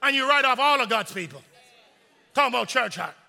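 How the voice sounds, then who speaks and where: Pastor guy preaching, really high bright voice, gravelly edge, big echoey sanctuary. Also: a little fast. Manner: animated, call-and-response preaching. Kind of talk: sermon. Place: large church sanctuary. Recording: long reverb in a large sanctuary.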